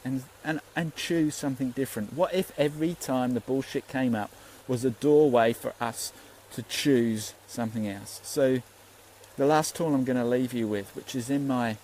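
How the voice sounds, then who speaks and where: A man's voice: medium pitch, normal speed, darkish tone, a little hiss or hum, rough recording. A man, a spiritual teacher giving an earnest, rambling Facebook Live talk and swearing freely.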